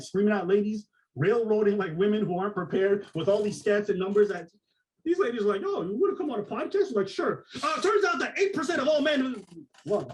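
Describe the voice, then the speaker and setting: A man with a high, quick voice tears into his rivals in a mocking, profane podcast rant. He rattles off his points fast and stays set back from the microphone, so the sound is a little distant. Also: a little mellow. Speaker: podcast co-host.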